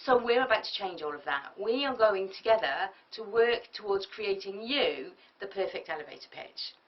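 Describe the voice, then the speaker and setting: A woman giving a business tutorial, lively and often acting out example speakers. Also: mid-range voice, normal speed. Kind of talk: tutorial lecture. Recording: muffled lo-fi audio from a distance.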